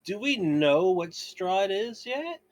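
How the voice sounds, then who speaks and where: Irish guy at a tabletop game, slightly high voice, sarcastic, swears a lot. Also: sing-song, slow pace. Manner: blunt, sarcastic, swears freely. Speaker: player.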